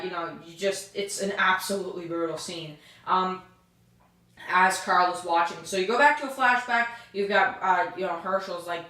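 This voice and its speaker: A woman chats her way through an episode recap, loose and rambling, leaning hard on "you know" and "um" fillers. Her voice sits on the low side but comes across bright and pushed. The recording is heavily echoey, like a bare, hard-walled room. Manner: acts out characters' lines in quick asides. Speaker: TV episode reviewer. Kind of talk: casual spoken recap and review.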